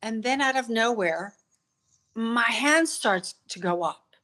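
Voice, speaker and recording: A woman's voice: a little high, expressive, slow pace, pushed and bright. A woman telling a personal story as a podcast guest, vivid and earnest, stumbling over repeated words when moved.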